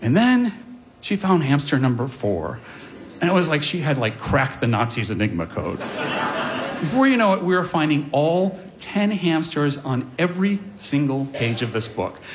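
A man's voice: on the high side, big pitch swings, moderate pace, slight background noise. A middle-aged man telling a comic personal story on stage to a live audience, with wry, self-deprecating asides.

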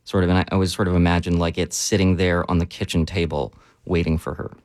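A man talking casually about poetry and reading poems aloud with animated feeling. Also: low-pitched, quick pace, no room sound, clean studio sound. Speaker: poet and guest. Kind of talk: casual chat with poem readings.

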